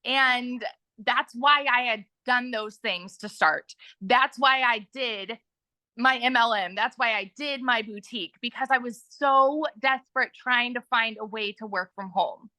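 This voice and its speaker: A chatty woman in her thirties, speaking high and bright, with a sharp, forward tone. She tells her story in a loose, excited way and keeps turning to speak to the viewers. The sound is dry and close. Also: measured pace, no room sound. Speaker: guest sharing her story. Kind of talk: casual livestream interview.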